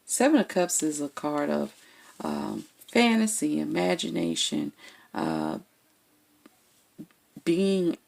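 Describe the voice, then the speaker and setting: Gravelly-voiced woman reading tarot. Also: deep voice, big pitch swings, slow, pauses often, a little mellow. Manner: chatty, blunt, keeps checking in with "okay?". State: has the hiccups. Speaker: tarot reader. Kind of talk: casual tarot reading to camera.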